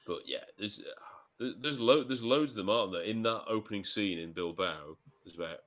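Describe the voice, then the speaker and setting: A man chatting casually about a film on a podcast, enthusiastic and animated. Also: lowish voice, a little fast. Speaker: podcast guest.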